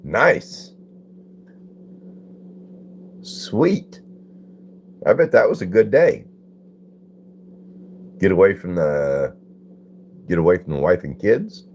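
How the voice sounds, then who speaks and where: Man, deep and mellow, easygoing host reading viewer comments on a phone stream. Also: sing-song, a little slow, pauses often, slight background noise. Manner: laid-back, greets chatters by name and reads comments aloud. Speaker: livestream host. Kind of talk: casual livestream chat with viewers.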